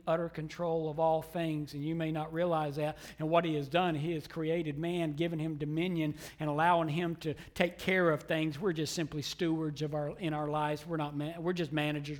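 A man preaching a sermon as pastor in a church, emphatic, swinging from loud declarations down to hushed, almost whispered lines. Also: a little high, level tone, moderate pace, few pauses. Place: church sanctuary.

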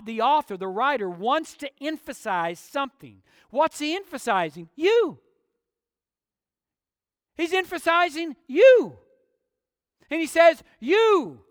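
High-voiced man preaching emphatically. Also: fairly bright tone, no room sound, studio quality, long reverb tail. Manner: emphatic preaching with rhetorical questions. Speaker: pastor. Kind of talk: sermon.

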